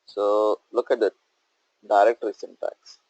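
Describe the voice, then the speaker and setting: A man's voice: fairly low pitch, flat delivery, unhurried, a little mellow, dry recording, highs cut off. A male instructor walking through a coding tutorial on screen, explaining step by step and checking in with "okay?" and "right?".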